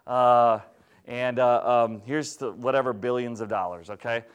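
A man preaching as pastor, teaching in a conversational, animated way and asking the congregation questions. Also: medium pitch, measured pace, clear, resonant tone. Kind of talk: sermon.

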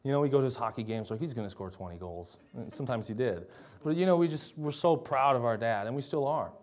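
A young man from Minnesota giving a sermon, telling a childhood story in a relaxed, conversational way and often asking "right?". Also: mid-range voice, fast talker. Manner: conversational storytelling, tag questions and laughter. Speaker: pastor.

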